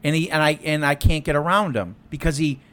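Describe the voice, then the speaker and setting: A man co-hosts a casual podcast and tells stories with energy. His voice sits a little high. He swears freely and loudly acts out what others said. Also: fairly quick. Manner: animated storytelling, swearing, acts out quotes loudly. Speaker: podcast co-host. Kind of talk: casual chat.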